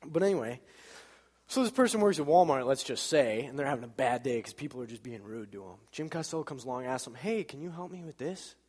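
A man talks to a church audience in a relaxed, chatty way. He tells everyday stories and acts out the back-and-forth himself, sometimes laughing. His mid-range voice carries a long reverb from the hall. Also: mid-range voice, fast. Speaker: church speaker. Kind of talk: informal sermon with storytelling.

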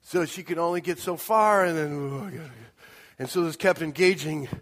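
A middle-aged man preaching a sermon, telling a personal story and acting out scenes with sudden shouts and asides. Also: on the high side, brisk. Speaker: pastor. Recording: long hall reverb.

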